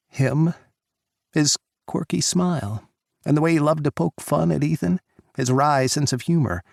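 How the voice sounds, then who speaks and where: Male audiobook narrator, gravelly texture, dry close-miked sound. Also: fairly high pitch, dry recording.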